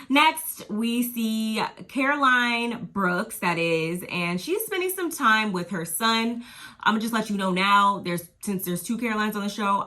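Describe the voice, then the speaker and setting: A woman's voice: medium pitch, bright, forceful tone. A woman casually recapping a reality TV episode in a chatty, slangy way, laughing and acting out her own reactions.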